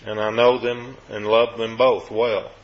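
A man preaching a sermon, earnest and explanatory, rising in pitch as he quotes scripture. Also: level tone, unhurried, roomy sound, lo-fi sound.

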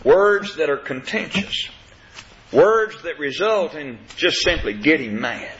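With lively, swooping pitch and a bright, forceful tone, a preacher gives a sermon, pressing hard on key words with emphatic stresses. He reads the old scripture in a measured cadence, and the recording sounds dull and lo-fi.

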